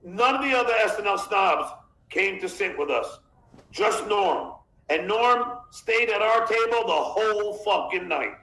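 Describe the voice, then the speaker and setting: A man's voice: high voice, lively intonation, measured pace, sharp tone, roomy sound, low-quality recording. A man hosting a podcast in casual chat, rambling and reading chat messages aloud. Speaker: podcast host.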